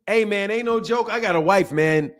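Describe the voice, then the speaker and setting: A man's voice: high-pitched, moderate pace, fairly bright tone. A man hosting a boxing channel who chats loosely and jokes with his viewers, using plenty of slang and laughing often. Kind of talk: casual livestream chat.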